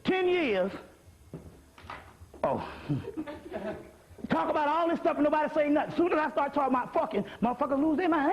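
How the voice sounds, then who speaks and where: Man, very high voice, profane comic preaching, dull lo-fi recording. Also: big pitch swings, brisk, pauses often. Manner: profane, streetwise, comic preaching with repeated asides. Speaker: lecturer on spirituality. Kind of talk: lecture to a live audience.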